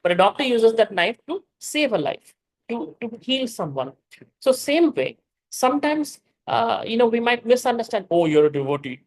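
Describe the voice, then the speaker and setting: A man with an Indian English accent giving a scripture class. He speaks emphatically, rises to forceful exhortation, chants Sanskrit verses slowly and carefully, and often says "you know" and restarts his sentences. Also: very high voice, expressive, low-quality recording. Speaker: spiritual teacher.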